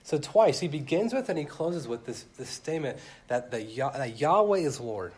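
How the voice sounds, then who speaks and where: A young man preaching a sermon earnestly, his voice swelling loud and then dropping soft. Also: fairly high pitch, sing-song, moderate pace, breathy edge.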